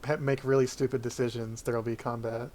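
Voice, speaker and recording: A man of ordinary pitch talks loosely about an upcoming tabletop campaign with his group on a voice call. He laughs often and keeps things relaxed. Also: a little fast, slight background noise. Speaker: dungeon master. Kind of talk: casual chat planning a tabletop campaign. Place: voice chat call.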